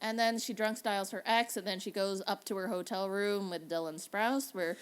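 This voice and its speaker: A woman's voice: medium pitch, normal speed, clean tone. Sarcastic young Canadian woman podcaster. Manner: sarcastic, animated, swears freely. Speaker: podcast co-host. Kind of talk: casual chat.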